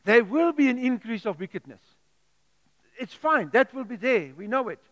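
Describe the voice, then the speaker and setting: A man's voice: very high voice, lively intonation, normal speed, a bit bright, dull audio. A man preaching a sermon, earnest and pleading, often repeating and restarting his words. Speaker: pastor. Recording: echoey hall with long reverb.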